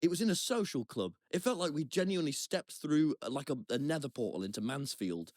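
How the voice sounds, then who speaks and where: A young man spinning a long, self-deprecating anecdote on a chat podcast. His pitch leaps up and drops down as he goes, and he often stops and restarts mid-sentence. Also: lively intonation, fairly quick, darkish tone, no room sound, studio quality. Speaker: podcast co-host. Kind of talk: casual anecdotal storytelling. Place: Brighton.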